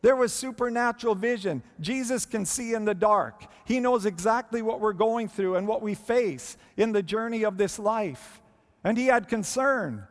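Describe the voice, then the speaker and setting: A man preaching a sermon with expressive delivery and dramatic pauses. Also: sits high. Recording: long hall reverb.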